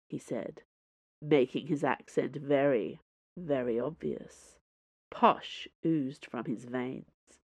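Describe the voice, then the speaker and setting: A woman with a low voice narrates a novel in a measured, expressive way. The recording is close and dry, with no room sound. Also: husky, no echo, dull audio. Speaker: audiobook narrator. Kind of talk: scripted narration.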